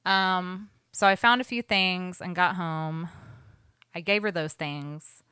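Chatty young woman, bright dry voice. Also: fairly low pitch, takes it slowly, smooth, dry recording. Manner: chatty storytelling with many "like"s. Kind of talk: casual chat.

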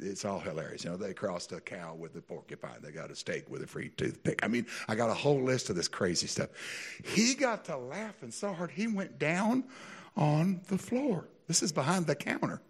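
A man preaching a sermon, telling stories with lively, animated delivery that climbs to excited peaks. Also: moderate pace, breathy edge. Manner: animated storytelling, builds to high excited peaks, laughs often. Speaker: pastor.

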